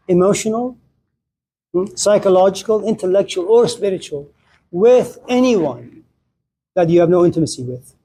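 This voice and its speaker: Lecturing man with a mellow voice. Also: high-pitched, slight background noise, rough recording. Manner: conversational, frequent "okay?" check-ins, acted quotes. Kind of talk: philosophy lecture to a class.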